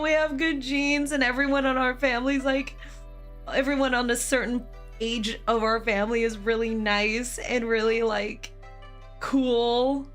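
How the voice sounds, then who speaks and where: A young woman streamer telling a family story in casual chat to her live chat, animated, laughing often and swearing casually, her voice a bit hoarse from karaoke. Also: on the high side, moderate pace, faint music behind.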